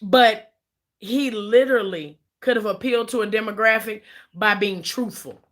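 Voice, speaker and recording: A woman's voice: mid-range voice, moderate pace, a bit bright. A woman giving blunt, profane, emphatic commentary in an opinion vlog.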